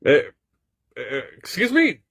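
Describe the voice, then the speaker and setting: A man's voice: fairly high pitch, wildly swooping pitch, slow, vocal fry, fairly bright tone, husky, dry recording. A man playing a mock sports reporter in a comedy bit, over-the-top and indignant. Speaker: comedy correspondent.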